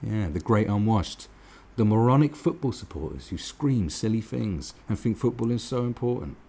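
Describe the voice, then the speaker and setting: A man's voice: fairly low pitch, animated, moderate pace, dark tone, husky. A man giving a profane, mocking commentary rant as host of his own channel. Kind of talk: ranting commentary.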